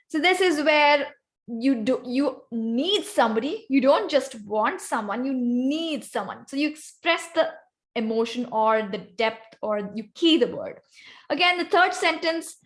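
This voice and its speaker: A woman's voice: high-pitched, fairly bright tone. A woman giving an instructive presentation on voice technique over a video call, calling on members by name. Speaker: guest speaker presenting on vocal variety. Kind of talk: online club meeting presentation.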